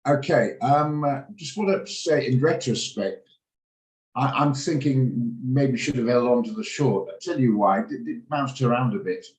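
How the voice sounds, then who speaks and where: A man's voice: mid-range voice, moderate pace, a little mellow, echoey room, poor audio. A man hosting a live trading session over a video call, chatty and joking, with frequent fillers and restarts. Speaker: trading room host.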